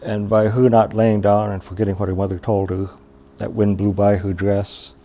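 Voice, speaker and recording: Male storyteller from Wisconsin, low gravelly voice, mellow, unhurried oral telling. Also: flat delivery. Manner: unhurried, plain-spoken, with pauses and restarts.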